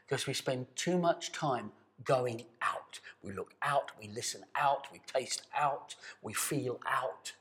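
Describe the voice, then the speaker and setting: A man teaching a guided voice and breathing exercise, speaking to camera in a calm, coaxing way and demonstrating sustained sung tones. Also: medium pitch, slow pace, hardly any pauses. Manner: calm, coaxing, addresses the viewer directly. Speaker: voice and meditation teacher.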